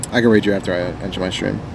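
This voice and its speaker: His voice sits low with vocal fry as this young, mildly country-accented American streams a game and chats casually at his desk microphone. Rambling and joking, he often trails off, against a noisy background.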